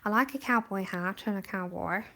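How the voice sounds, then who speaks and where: A woman's voice: medium pitch, moderate pace, bright, forceful tone. A young woman chatting and giggling as she colours on a livestream, talking into a camera set close in front of her face. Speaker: livestream host. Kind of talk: casual chat while colouring. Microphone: camera just in front of her face.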